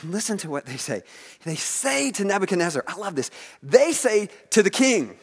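A man preaching a sermon, retelling scripture stories in a lively way and asking his listeners questions. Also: high voice, moderate pace, vocal fry, slightly rough. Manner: animated storytelling preacher, asks the audience questions. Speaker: pastor.

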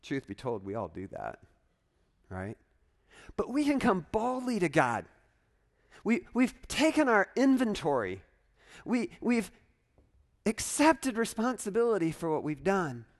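A man preaching a sermon as a pastor, in an animated, conversational way with frequent asides to the congregation. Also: high-pitched, measured pace, long pauses.

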